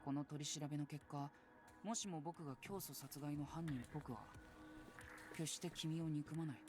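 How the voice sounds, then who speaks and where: A man plays a principled male scientist in a story game, calm and blunt about his own suspicion. His voice is fairly high for a man and he speaks quickly. Game music runs clearly underneath. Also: close to an everyday voice. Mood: earnest. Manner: calm, direct and self-assured. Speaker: game character. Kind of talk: Japanese game voice acting.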